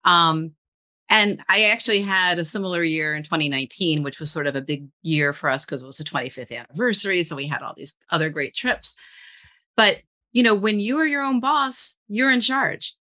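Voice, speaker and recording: A woman's voice: fairly low pitch, normal speed, pushed and bright. A middle-aged woman, a guest copywriter, chatting casually in an interview, rambling with restarts and laughing often.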